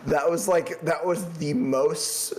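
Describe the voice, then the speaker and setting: A man's voice: a little high, steady tone, takes it slowly, a little mellow. A man co-hosting a podcast, chatting casually in a laid-back, hesitant way as he searches for words. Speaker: podcast co-host. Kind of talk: casual chat.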